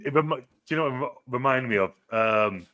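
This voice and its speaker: Bright-toned British man, rambling. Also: mid-range voice, animated, fast, dull audio. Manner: rambling, hedging with fillers. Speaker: movie reviewer. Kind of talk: casual chat.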